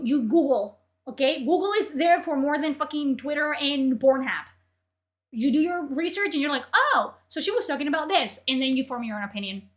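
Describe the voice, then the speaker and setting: A woman streamer ranting in profane, exasperated commentary, her voice strained from yelling. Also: high-pitched.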